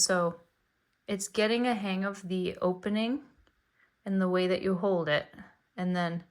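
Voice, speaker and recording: Slow-talking woman teaching knitting. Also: medium pitch, fairly even intonation. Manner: chatty and encouraging, talks through each step. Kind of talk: casual tutorial narration.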